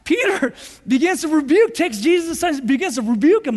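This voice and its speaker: High-voiced man preaching in an echoey hall. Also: fairly quick, few pauses. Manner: animated preaching, acts out quoted dialogue. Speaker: pastor. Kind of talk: sermon.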